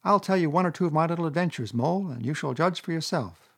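A man voicing a conceited, excitable male toad who brags in a high, puffed-up voice. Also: fast. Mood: boastful. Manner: boastful, shrill and puffed up.

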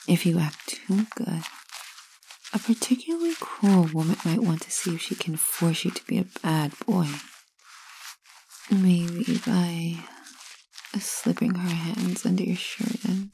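Slow whispered role-play, commanding woman. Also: on the low side, dark tone, slight background noise. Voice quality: breathy whisper.

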